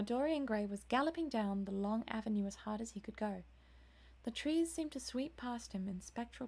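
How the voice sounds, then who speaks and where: Enthusiastic woman reading a novel aloud. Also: medium pitch. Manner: enthusiastic, self-deprecating asides. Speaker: audiobook reader, streamer.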